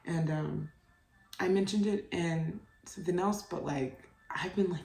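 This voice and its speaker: A woman's voice: on the low side, unhurried, creaky, a little mellow, slight background noise. A young adult woman hosting a solo podcast, talking candidly and loosely, full of "like" fillers and casual swearing. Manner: candid, rambling, heavy on "like" fillers, swears freely. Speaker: podcast host, mother. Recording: roomy, voice distant from the mic.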